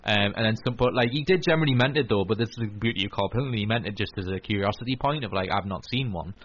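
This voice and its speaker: Man, low voice, rambling radio host, dull lo-fi sound. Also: racing, a bit bright. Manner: rambling, many restarts and fillers. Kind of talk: casual chat. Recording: dull lo-fi recording.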